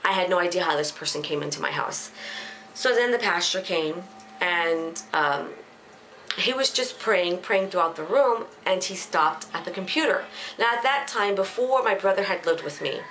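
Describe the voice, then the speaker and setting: A woman's voice: lowish voice, expressive, fairly bright tone, slight background noise. Earnest woman retelling a scary night. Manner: earnest, emotional retelling, halting with restarts. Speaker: storyteller. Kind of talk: casual personal story.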